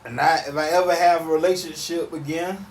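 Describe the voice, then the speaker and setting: A man in his thirties hosting a podcast, ranting casually in an animated, repetitive, emphatic way on a back porch outdoors. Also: a little high, a little fast. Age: 30s. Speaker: podcast host. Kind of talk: casual solo rant. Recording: roomy sound from off mic.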